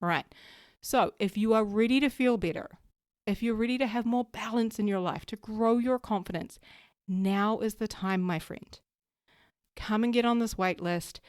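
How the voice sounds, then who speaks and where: Woman, thirties, podcast host, lively storytelling, acts out her own thoughts, dry close mic. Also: mid-range voice, no room sound. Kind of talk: casual solo podcast talk.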